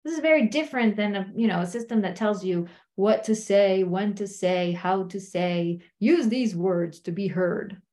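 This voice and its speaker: A woman's voice: medium pitch, moderate pace, few pauses, warm tone. A woman, married, teaching a self-inquiry method in a conversational way, often asking "right?" and acting out quoted lines. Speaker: coach.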